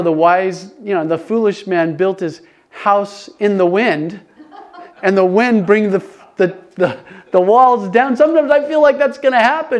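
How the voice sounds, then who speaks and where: Excitable older male preacher. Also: sits high. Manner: animated, excitable, many restarts. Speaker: pastor. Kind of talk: conversational sermon.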